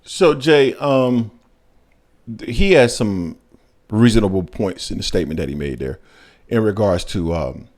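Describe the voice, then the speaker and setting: A man's voice: on the low side, animated, unhurried, pauses often, a little mellow. A man hosting a sports talk show, chatting casually and pushing his points emphatically with sudden jumps in his voice. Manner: emphatic, rises sharply when making a point.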